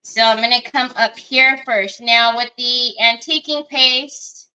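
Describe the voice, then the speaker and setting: Lady doing a live craft stream, talks slow, bright higher voice, bit muffled lo-fi sound. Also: steady tone. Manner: chatty, thinks aloud, greets viewers by name. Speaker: craft livestream host.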